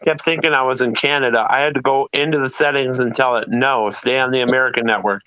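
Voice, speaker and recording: A talkative man jokes his way through a casual livestream chat. His voice is bright and smooth. The mic is dry and a little dull. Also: medium pitch, fairly even intonation, fast, no echo. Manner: joking, talkative. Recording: dry, slightly muffled mic.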